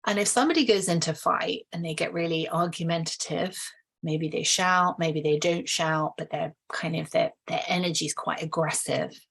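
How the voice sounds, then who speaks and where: Reflective woman explaining, lowish voice. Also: fairly even intonation, moderate pace, creaky, fairly bright tone, breathy edge. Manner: thoughtful, acts out quoted voices, many restarts. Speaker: relationship educator. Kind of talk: explaining to camera, casual.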